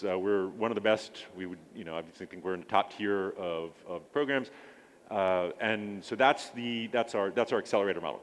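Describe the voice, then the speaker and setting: A man pitching his startup accelerator at a conference, hesitant, with many filler sounds and restarts.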